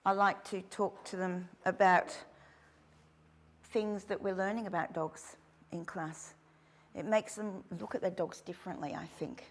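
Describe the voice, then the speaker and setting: Woman, middle-aged, warm chatty dog-training tutor voice, mid pitch. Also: measured pace. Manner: chatty, animated, acts out little quotes. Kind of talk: workshop talk to instructors.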